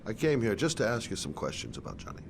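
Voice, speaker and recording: Tired private detective, game voice, lively swinging delivery, fast clipped thoughts. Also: male voice, lowish voice, creaky, background noise, heavily acted. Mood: questioning. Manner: terse, clipped inner thoughts. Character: weary male private detective, persistent. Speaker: game character. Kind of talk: video game voice acting.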